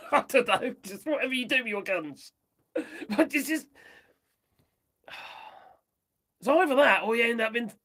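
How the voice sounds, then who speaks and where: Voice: mid-range voice, creaky, fairly bright tone, slightly rough. A host chatting loosely on a livestream, rambling, giggling and muttering while reading off a phone. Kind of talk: casual livestream chat reacting to viewers.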